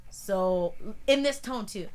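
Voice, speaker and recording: A woman's voice: mid-range voice, expressive, darkish tone, clear, resonant tone. A young woman hosting a podcast in casual chat, teasing her guest and laughing often. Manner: laughing, teasing, quick bursts of speech. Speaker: podcast host.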